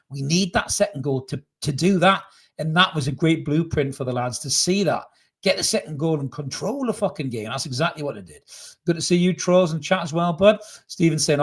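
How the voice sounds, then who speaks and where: Male fan-channel host, average pitch, casual and emphatic live reaction voice. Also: husky. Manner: chatty and emphatic, says mate and absolutely a lot, swears casually. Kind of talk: live post-match reaction reading chat.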